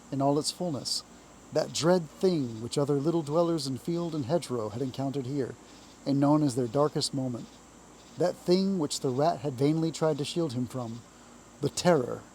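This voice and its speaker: A man reading a classic children's story aloud in a calm, measured storytelling voice. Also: medium pitch, slight background noise, low-quality recording.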